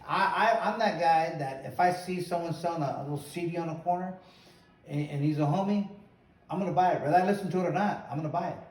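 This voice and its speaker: A man's voice: fairly high pitch, fast talker, a little mellow. A middle-aged man hosting a casual chat, telling rambling stories and acting out what people said. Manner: rambling, acts out quotes. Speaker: host, former boxer. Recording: echoey room, mic at a distance.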